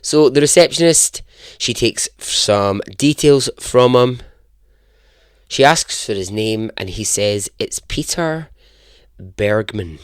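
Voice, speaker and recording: A man hosting a podcast, telling a true story in a chatty, self-deprecating way and chuckling at his own jokes. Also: fairly low pitch. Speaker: podcast host. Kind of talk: casual storytelling narration.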